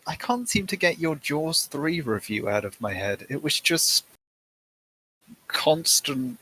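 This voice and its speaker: A man's voice: fairly high pitch, very animated, takes it slowly, pushed and bright, slightly rough, rough recording. A young man co-hosting a movie podcast, easygoing and chuckling as he talks. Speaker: podcast co-host. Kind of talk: casual movie review chat.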